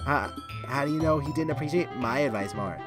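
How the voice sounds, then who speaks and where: A man reading the lines of a brash, sharp-tongued teenage girl with a mocking, snippy delivery over game music. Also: medium pitch, fairly quick, lightly acted. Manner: snippy, mocking read-aloud. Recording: game music playing under the voice.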